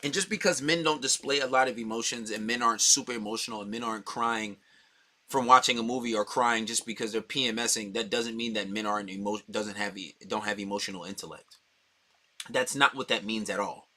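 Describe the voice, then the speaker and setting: A man's voice: on the low side, fairly quick, pushed and bright. A man talking as a dating coach, giving a blunt, profane, heated opinion monologue.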